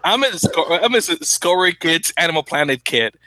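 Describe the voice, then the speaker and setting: A man's voice: fairly high pitch, lively intonation, a little fast, sharp tone, no room sound. A young man from the Dominican Republic hosting a casual sports podcast, rambling and correcting himself with frequent laughs. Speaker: podcast host.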